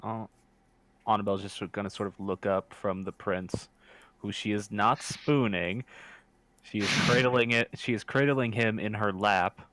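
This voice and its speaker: A man's voice: lowish voice, steady tone, normal speed, a bit bright, no echo. A man chatting casually while playing a tabletop role-playing game, often correcting himself mid-sentence. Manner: rambling, self-correcting. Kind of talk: casual tabletop play over voice chat.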